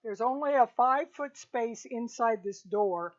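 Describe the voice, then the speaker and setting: A woman with a high voice runs a tabletop game, patiently laying out each scene. The recording sounds dull and lo-fi. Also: measured pace. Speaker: game master.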